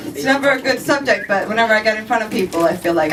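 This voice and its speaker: A young woman performing a stand-up set in a dry, halting way, with many ums between the jokes. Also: mid-range voice, expressive, a loud crowd. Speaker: stand-up comedian. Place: live comedy stage in a garage studio. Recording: far from the mic, with a loud audience laughing. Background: audience laughter.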